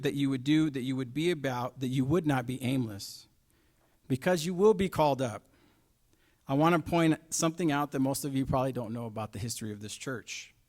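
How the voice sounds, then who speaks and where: A middle-aged man preaching a sermon, asking rhetorical questions and moving between quiet asides and loud stressed points. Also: medium pitch.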